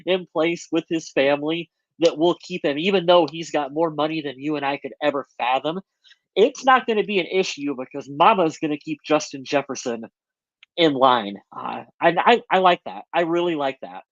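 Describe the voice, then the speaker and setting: A man's voice: on the high side, normal speed, no room sound, muffled recording. A man co-hosting a sports podcast, talking earnestly and reflectively in casual chat. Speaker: podcast co-host.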